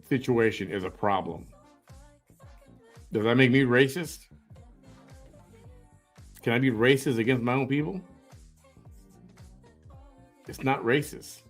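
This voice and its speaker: A man hosting an opinion commentary, reacting to clips in a blunt, confrontational way and firing rhetorical questions. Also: mid-range voice. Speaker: host.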